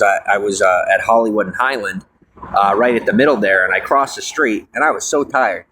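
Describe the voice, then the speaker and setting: Young guy ranting on the street, kinda low voice, lots of um and you know, faint city noise. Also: fairly bright tone, poor audio. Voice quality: low, rambling, many fillers and restarts. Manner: preachy and defiant. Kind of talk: rambling monologue to viewers.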